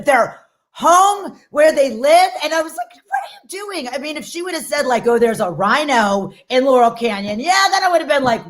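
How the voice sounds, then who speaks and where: A woman in her forties tells a stand-up set on a video call. She rambles and mocks herself with lively energy. Her voice sits fairly high. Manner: rambling, self-mocking, animated. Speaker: comedian.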